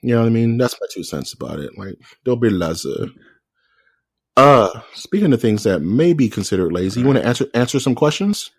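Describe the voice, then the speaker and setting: A man's voice: mid-range voice, big pitch swings, fairly quick, breathy edge. A man co-hosting a podcast in loose, joking casual chat, with many restarts. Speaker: podcast co-host.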